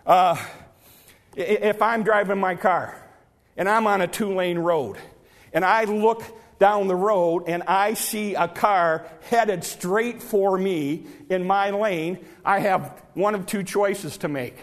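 A man's voice: sits high, takes it slowly, in a large hall. A man preaching a sermon in church, telling folksy stories and repeating words when he presses a point.

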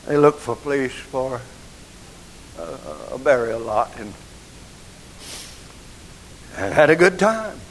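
An older man, preaching an emotional sermon that moves from soft, hushed passages to rising outcries. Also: medium pitch, a little hiss or hum, low-quality recording.

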